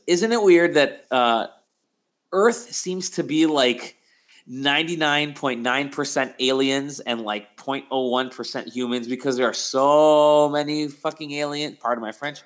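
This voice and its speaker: Easygoing man steering a podcast chat. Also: medium pitch. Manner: easygoing, steers the talk, mild swearing.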